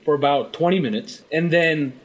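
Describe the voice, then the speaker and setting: A man's voice: on the high side, normal speed. A man co-hosting a podcast, telling an annoyed story in a casual, profane rant. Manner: animated, profane ranting storyteller. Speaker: podcast co-host. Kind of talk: casual chat.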